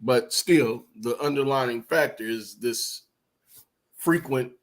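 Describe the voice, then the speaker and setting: Laid-back man in casual podcast chat. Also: medium pitch. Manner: laid-back, halting with restarts. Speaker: podcast co-host. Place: podcast studio.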